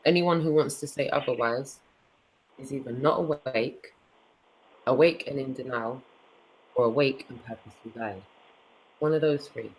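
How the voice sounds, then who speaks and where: A woman's voice: a bass voice, normal speed, long pauses, poor audio. Defiant British woman, blunt and slangy. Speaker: co-host. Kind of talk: casual online conversation.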